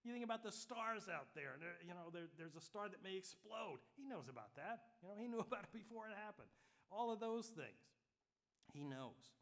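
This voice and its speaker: A man with a notably high voice delivers a sermon. His preaching is relaxed and conversational, with frequent check-ins with the listeners and touches of gentle humor. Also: a little fast. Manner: light humor woven into teaching. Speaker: pastor.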